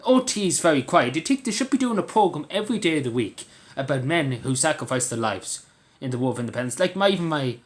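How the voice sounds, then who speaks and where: Fast and furious, a male Irish commentator rants on his own, cursing frequently and tripping over his restarts. His slightly high voice swings widely in pitch.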